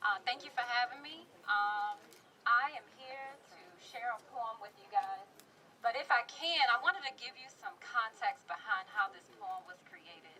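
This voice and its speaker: A woman's voice: fairly high pitch, normal speed, sharp tone. A woman in her thirties, a parent, speaking and performing spoken-word poetry at an outdoor rally, her emotion building until she nearly cries. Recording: distant outdoor mic with noise.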